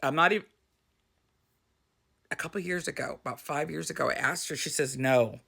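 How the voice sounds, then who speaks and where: A woman's voice: deep voice, a little fast, creaky, husky. A middle-aged woman casually telling a family story, laughing as she goes and slipping into quoted voices. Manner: animated, laughs while talking, breaks into quoted voices.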